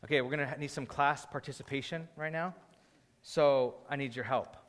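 A man's voice: medium pitch, steady tone, fairly quick, a bit bright. A man preaching a sermon, conversational and joking with the congregation. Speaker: pastor. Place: church hall. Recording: long hall reverb.

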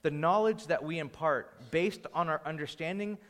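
At a moderate pace, a pastor with a slightly high, fairly bright voice teaches a Bible class, and a long reverb tail follows his words. He talks conversationally, restarts often, tells anecdotes, and picks up energy in his stories.

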